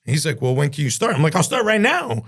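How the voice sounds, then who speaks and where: Man, chef guest on a podcast, gravelly voice, somewhat high pitch, profane, animated storyteller. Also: fast. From Cuban-American from New Jersey. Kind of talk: casual storytelling interview.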